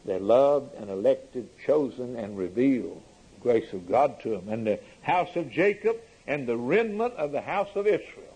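A man's voice: mid-range voice, expressive, moderate pace, a little mellow, breathy edge, rough recording. A man preaching a sermon in an earnest way, his voice rising sharply for emphasis.

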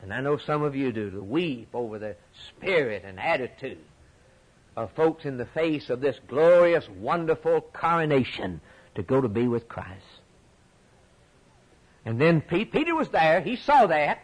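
A man preaching a sermon with passion, dropping low and quiet, then rising high and loud on key points, often repeating words. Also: very animated, unhurried, breathy edge, rough recording. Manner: repeats words when stirred.

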